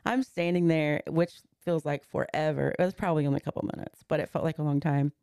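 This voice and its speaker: A woman in her forties tells a personal story in a podcast conversation, walking through events one step at a time. Her voice is warm and darker in tone, with a gravelly edge. The sound is close and dry, with no room around it. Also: sits low, fairly even intonation, fast, no room sound. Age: 40s. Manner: earnest, recounting events step by step and voicing others' words. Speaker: podcast guest.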